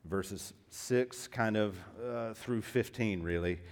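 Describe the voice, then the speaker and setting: With a fairly low pitch and a slow pace, a male pastor preaches fervently. He alternates between hushed speech and loud emphasis, calling those listening beloved and dear friends.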